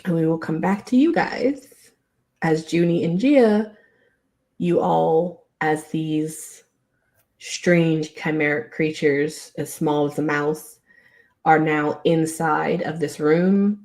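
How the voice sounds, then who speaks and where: A woman game master narrating a tabletop game in a relaxed, meandering way, with frequent fillers. Her voice is low and mellow, and she takes her time. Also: takes it slowly, rough recording.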